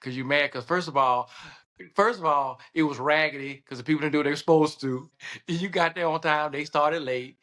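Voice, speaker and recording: A man with a Southern American accent, a guest telling stories in casual conversation, animated and laughing often as he acts out voices. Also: on the high side, fairly quick. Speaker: podcast guest, surgeon and state senator.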